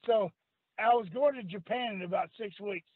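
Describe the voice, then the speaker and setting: A retired wrestler, a guest on a call-in radio podcast, tells salty stories in a strikingly high voice, talking rough, quoting others and laughing often. He keeps a moderate pace, and the phone line makes him sound thin, tinny and dry.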